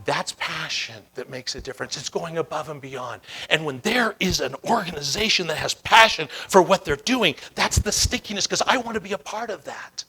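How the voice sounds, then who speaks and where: Motivational speaker, high voice, punchy storytelling. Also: male voice, lively intonation, moderate pace, hardly any pauses, sharp tone. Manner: emphatic storytelling with acted dialogue. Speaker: keynote speaker. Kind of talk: motivational keynote speech.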